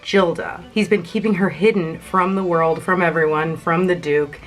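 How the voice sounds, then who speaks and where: A woman's voice: lowish voice, steady tone, normal speed, faint music behind. A woman hosting a playful, slangy recap of an opera plot, full of jokey asides. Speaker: host.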